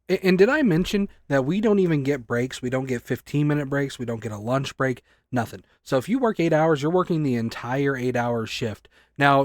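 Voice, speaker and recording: A man in his twenties, a store clerk, ranting angrily and swearing a lot, often rising close to a shout. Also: medium pitch, no room sound. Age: 20s. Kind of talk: angry rant to camera.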